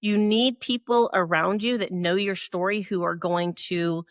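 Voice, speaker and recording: A woman's voice: mid-range voice, steady tone, a little slow, no echo, clean studio sound. A middle-aged woman co-hosting a podcast, giving earnest motivational advice and often checking in with "right?". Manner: earnest, frequent "right?" tag questions. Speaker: podcast co-host.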